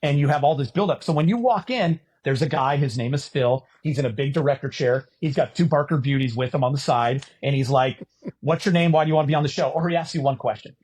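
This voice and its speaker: Husky man telling a lively story. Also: medium pitch, brisk, few pauses. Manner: animated storyteller, rising loud for punchlines. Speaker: podcast co-host. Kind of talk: casual storytelling chat.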